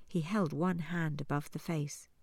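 A woman narrating a story in a calm, measured reading voice. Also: low-pitched, gravelly, slightly rough, no echo, studio quality. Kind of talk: scripted narration.

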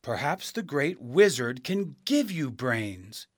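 A man's voice: mid-range voice, sing-song, slow pace, dry recording, clean studio sound. A man voicing a polite young girl far from home, raising his voice to sound earnest in a storybook reading.

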